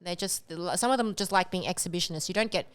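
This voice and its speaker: A chatty woman guest on a podcast talks casually, leaning heavily on "like." She speaks fast in a lowish, smooth voice, with no echo on the recording.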